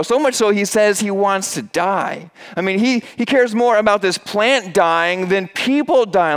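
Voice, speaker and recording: A man preaching to his congregation in a church, with a smooth, resonant voice set a little high. He keeps it conversational, trips over a word now and then, and fills pauses with "uh". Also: expressive. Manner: conversational preaching with fillers and restarts; acts out quoted voices in a raised pitch. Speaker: pastor. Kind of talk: sermon. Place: church with a screen behind him.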